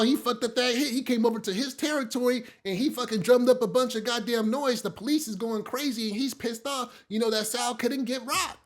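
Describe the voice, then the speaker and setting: Young man, TV recap host, quick, high voice, slangy, profane, animated. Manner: animated, slangy and profane, acts out characters' lines. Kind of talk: casual recap commentary.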